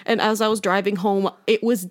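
A woman's voice: mid-range voice, fairly even intonation, a little fast. A young woman casually telling a rambling story to a friend, full of fillers and laughter. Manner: rambling, heavy use of "like", laughs while telling stories.

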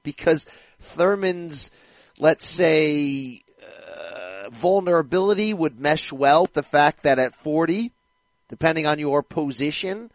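A man's voice: on the high side, no room sound. A man hosting a boxing podcast in casual chat, teasing his co-host and steering the talk in a wry way.

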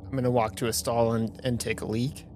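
A man playing his character in a tabletop game with wry, quick-witted banter. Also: mid-range voice, flat delivery, background noise. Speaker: player. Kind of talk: tabletop role-play. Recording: music underneath.

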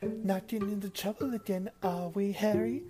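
A man voicing a nosy, sly ghost schoolgirl in a high, squeaky falsetto and a sing-song, teasing manner. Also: steady tone, normal speed, close to an everyday voice. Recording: guitar music playing behind.

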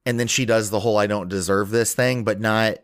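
A man's voice: on the low side, fairly even intonation, a little fast. A man co-hosting a podcast, talking in a laid-back, crude, rambling way. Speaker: podcast co-host. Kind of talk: casual chat.

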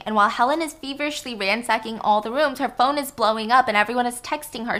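A woman retelling a movie plot in a casual, animated way. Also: a little high. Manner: animated storytelling. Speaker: podcast host.

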